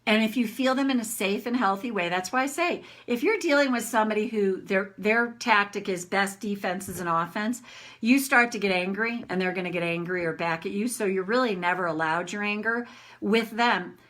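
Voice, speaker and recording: Middle-aged woman, bright forceful voice, frank, cursing, acts out her rants. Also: medium pitch, normal speed. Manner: animated, frank, swears freely, acts out her own rants. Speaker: tapping coach hosting a live session. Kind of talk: casual live-stream talk to viewers.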